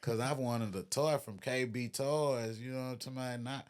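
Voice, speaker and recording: Man, mid-pitched and easygoing, conversational, keeps checking in with the listener. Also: steady tone, a little fast. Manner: laid-back, peppers speech with "you know what I'm saying". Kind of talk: casual conversation.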